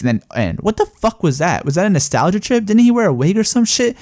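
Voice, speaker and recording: A young man with a slightly high voice rants about a wrestling show. He rambles, swears freely and gets worked up. The sound is dry and close. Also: very animated, quick pace, hardly any pauses, darkish tone, no echo. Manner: heated, profane, rambling with frequent fillers. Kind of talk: casual ranting review.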